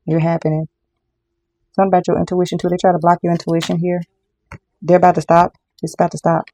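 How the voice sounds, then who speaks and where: A tarot reader talks straight to viewers in a casual card reading, repeating lines for emphasis and calling everyone y'all. The voice has a gravelly, rough edge. Its tone is warm and dark rather than bright. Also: medium pitch, flat delivery, quick pace, a little hiss or hum.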